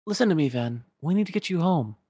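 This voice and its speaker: Guy doing a caring young woman fighter, higher voice, firm. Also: expressive, fast talker, a little mellow, husky, no echo, clean studio sound. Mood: concerned. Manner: firm, concerned.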